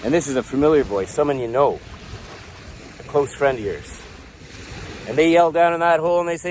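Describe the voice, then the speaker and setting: A man telling a story in a low-key, soft-spoken way while out on a walk by a lake. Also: brisk, pauses often, a little hiss or hum, rough recording. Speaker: peer support vlogger. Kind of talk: storytelling to camera. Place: outdoors by a lake.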